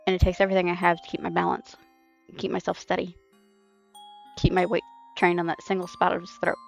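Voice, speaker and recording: A woman reading a dark first-person story aloud on a stream, intense and halting, with restarts. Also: fairly low pitch, flat delivery, gravelly, soft background music. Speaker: reader. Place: home streaming setup. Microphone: streaming mic.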